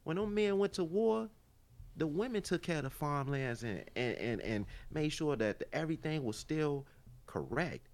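At a moderate pace and a fairly high pitch, a man with a Chicago accent co-hosts a podcast. The talk is casual, and his stories come out animated and loose, laced with cursing and lots of slang.

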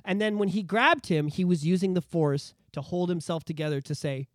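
A man co-hosting a podcast in casual chat, ranting in a profane, animated way. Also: sits high, a little fast, no room sound, clean studio sound. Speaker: podcast co-host.

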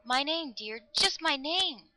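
A woman's voice: medium pitch, steady tone, a little fast, pushed and bright, clean tone, natural voice, poor audio. A woman reading a desperate young man in love, speaking fiercely and pleadingly.

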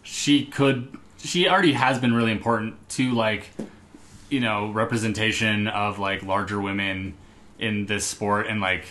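A man's voice: on the low side, fairly even intonation, measured pace, fairly bright tone. A man co-hosting a wrestling podcast, chatting casually, rambling with many fillers and swearing. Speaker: podcast co-host. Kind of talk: casual chat.

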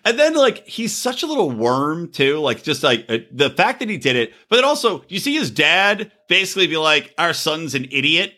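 A man's voice: high voice, huge pitch swings, normal speed, few pauses, sharp tone. A man co-hosting a podcast, chatting crudely and joking, laughing often. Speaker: podcast co-host. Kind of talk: casual comedic chat.

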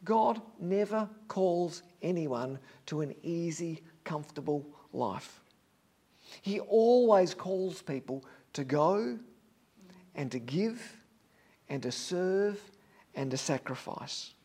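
A man with a high, light voice delivers a sermon. He preaches earnestly and with emphasis, leaning on repeated phrases to drive each point home. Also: animated, slow pace, dark tone, husky.

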